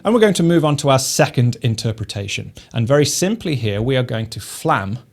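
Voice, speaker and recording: A man teaching snare drum technique, explaining each step calmly and methodically. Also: medium pitch, fairly quick, faint music behind. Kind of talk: instructional explanation.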